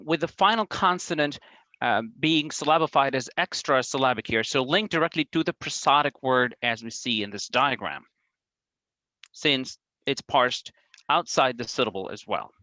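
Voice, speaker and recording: A man giving a conference talk on linguistics, careful and measured, with frequent ums, uhs and restarts. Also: on the high side, pushed and bright, dry recording, rough recording. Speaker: academic presenter.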